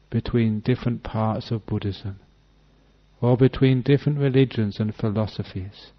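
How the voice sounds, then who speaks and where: A man, a Buddhist monk, giving a dhamma talk, reading a sutta aloud and then explaining it unhurriedly with gentle humour. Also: fairly low pitch. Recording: dull lo-fi talk recording.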